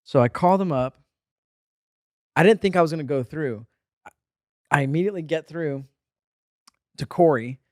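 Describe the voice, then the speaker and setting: A man with a fairly high voice sits close to the mic in a dry, dead room and tells a story on a casual podcast. He talks loosely and mimics the other people in his story as he goes. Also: moderate pace, long pauses, dry recording. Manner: animated storyteller, acts out quoted voices. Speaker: podcast co-host.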